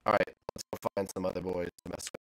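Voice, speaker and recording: Young man, gaming commentary, gravelly voice, teasing sportscaster play-by-play. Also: low-pitched, little pitch movement, fast talker, a bit bright. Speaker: gaming YouTuber. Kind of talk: excited gameplay commentary.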